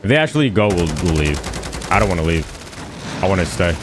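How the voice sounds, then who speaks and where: Here the streamer's low voice swings widely in pitch and moves a little fast against a noisy background, with gunfire from the game audible. He keeps up light, joking commentary as he plays, now and then singing and repeating chants.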